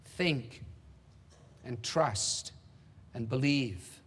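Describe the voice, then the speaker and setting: A man's voice: mid-range voice, expressive, very slow, a bit bright, husky. A man preaching an expository sermon in an earnest, emphatic way, asking rhetorical questions as he explains a Bible passage. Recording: long reverb of a large hall.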